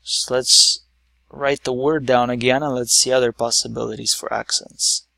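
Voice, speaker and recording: A man's voice: medium pitch, steady tone, moderate pace, vocal fry, pushed and bright, no room sound. A man teaching a lesson at a whiteboard, explaining patiently step by step with some fillers.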